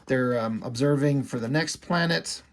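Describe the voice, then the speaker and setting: A man's voice: mid-range voice, moderate pace. Rambling, irreverent man reviewing comics. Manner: rambling and irreverent, swears casually, acts out characters' lines. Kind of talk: casual spoken comic review.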